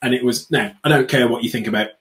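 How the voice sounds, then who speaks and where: A British man speaking as an interview guest, outspoken and sarcastic, with a middle pitch for a man. He keeps slipping into mocking quotes of other people as he makes his points. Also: fast, a bit bright, low-quality recording. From United Kingdom. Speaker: guest, customer experience speaker. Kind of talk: animated interview chat.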